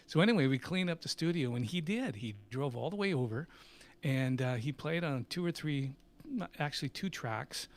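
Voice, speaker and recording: A middle-aged man, CEO of a company and a musician, speaks at a moderate pace in a mid-range voice while casually telling stories in a live Q&A. Animated and quick to laugh, he acts out the voices of people he quotes.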